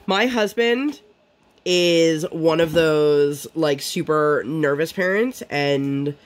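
A woman's voice: low-pitched, slow. A woman vlogger chatting casually while she crafts, rambling and full of fillers.

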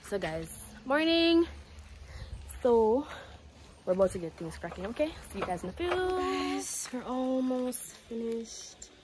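A woman's voice: sits high, big pitch swings, measured pace, a little mellow, a little hiss or hum, low-quality recording. A woman, chatting casually to her viewers in a vlog. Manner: chatty, addresses viewers as guys. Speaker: vlogger.

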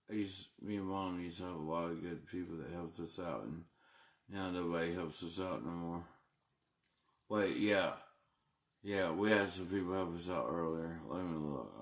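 A man's voice: low-pitched, a bit bright, reverberant. A man talking live from his home into a phone, agitated and cursing as he rambles. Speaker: livestreamer. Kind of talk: live-stream rant. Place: at home indoors.

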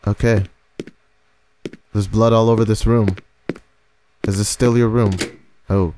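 A man's voice: on the low side, level tone, slow, warm tone, a little hiss or hum. A man giving nervous horror game commentary, talking to the game's ghost as he plays. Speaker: gaming video creator.

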